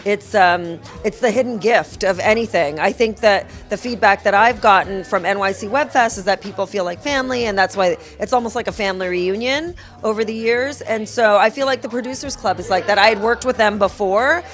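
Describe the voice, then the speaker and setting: Earnest woman festival founder, mid pitch. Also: a little fast, hardly any pauses, soft background music. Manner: earnest, rambling with fillers. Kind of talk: casual interview.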